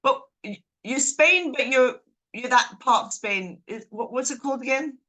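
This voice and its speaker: A woman's voice: high voice, normal speed, pushed and bright, rough recording. A woman leads a book group over a video call. She talks casually, laughs easily and keeps putting questions to the group.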